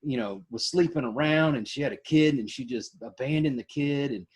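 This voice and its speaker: A man's voice: medium pitch, brisk, slightly rough. A man, a podcast host in casual interview chat, folksy and joking.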